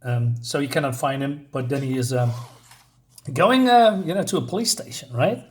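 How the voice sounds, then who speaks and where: A man's voice: mid-range voice, normal speed. A man casually recapping a comic book in a loose, chatty way. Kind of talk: casual recap and read-aloud.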